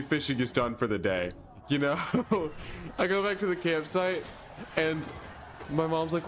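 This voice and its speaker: A man streamer casually telling a childhood story in an animated, self-deprecating way, laughing often. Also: a little high, normal speed, long pauses, a little hiss or hum.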